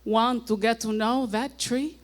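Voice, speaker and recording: A woman voicing a shy, tender young man who speaks in short, halting requests in broken English. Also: on the high side, fairly even intonation, close to an everyday voice. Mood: coaxing.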